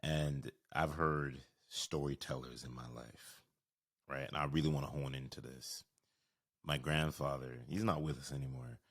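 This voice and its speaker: Sex: man. Role: podcast host. Pitch: extremely deep. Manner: earnest and measured. Style: interview reflection. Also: steady tone.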